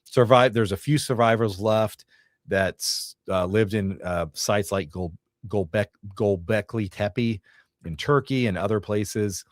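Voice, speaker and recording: A man's voice: on the low side, a little slow, no room sound, clean studio sound. A man hosting a casual podcast, explaining theories in a rambling, self-correcting way. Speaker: podcast host. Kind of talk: casual chat.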